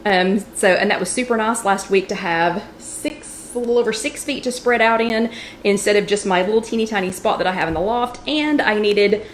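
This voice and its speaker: A woman's voice: mid-range voice, normal speed, a little hiss or hum. A woman hosting a casual livestream from a kitchen showroom, chatting and greeting viewers by name. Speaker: livestream host.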